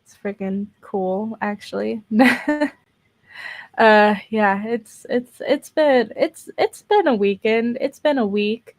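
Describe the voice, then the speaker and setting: A young woman streams casually from her bedroom in a slightly high voice, taking her time. She sounds tired and rambles, repeating words and laughing between fillers.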